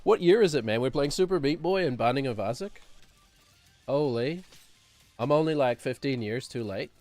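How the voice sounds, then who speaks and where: A man's voice: mid-range voice, animated, moderate pace, a little mellow. A man streaming a game, rambling and sarcastic, chuckling as he talks. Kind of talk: casual gameplay commentary.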